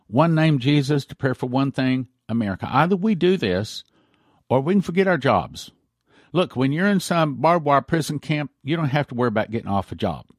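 A man's voice: medium pitch, dry recording. Emphatic preaching man, dry voice. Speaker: pastor. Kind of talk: broadcast sermon.

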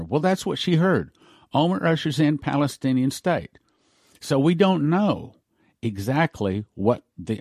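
A man's voice: mid-range voice, darkish tone, no echo, clean studio sound. Earnest man reading prophecy news. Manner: earnest, lays out points slowly and spells words out. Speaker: prophecy show host. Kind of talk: preaching commentary, reading news aloud.

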